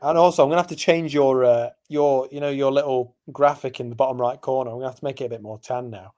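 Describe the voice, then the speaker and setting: A young Englishman co-hosting a podcast tells a long, rambling story in casual chat, full of ums and asides. His medium-pitched voice is darkish in tone, steady, and fast.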